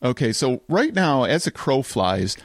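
A male podcast host with a Southeast Michigan accent, slightly nasal and animated, his pitch jumping around a lot as he chats and laughs. The sound is dry and close, with no room around it. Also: unhurried, no room sound. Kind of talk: casual interview chat.

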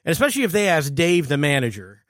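Upbeat Detroit-area host; bright, bouncy voice, laughs easily. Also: male voice, a little high, very animated, quick pace, no room sound, studio quality. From Detroit area, USA. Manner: eager, laughs often, trails off mid-sentence. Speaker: podcast host. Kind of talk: casual podcast interview.

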